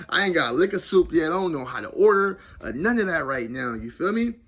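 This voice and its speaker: A man telling a jail story in a casual, animated and slangy way. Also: brisk, slight background noise. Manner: animated, slangy, loud swings of pitch. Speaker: storyteller recounting jail time.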